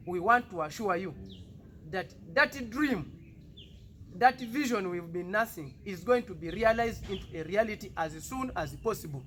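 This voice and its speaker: Ugandan male politician at a press statement, high-pitched, forceful repetitions, light noise behind. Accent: Ugandan English. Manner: defiant, emphatic, rhetorical repetition. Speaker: party politician.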